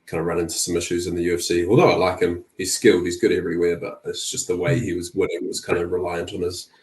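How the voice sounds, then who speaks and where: Low monotone dude, podcast guest, says like a lot, roomy echo. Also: male voice, fast talker. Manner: relaxed, lots of "um" and "like". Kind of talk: casual betting podcast chat.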